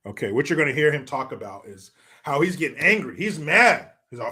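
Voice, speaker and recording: A man's voice: fairly high pitch, very animated, brisk, sharp tone, breathy edge. A man hosting casual, profane commentary, sarcastic with muttered crude asides. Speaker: commentary host.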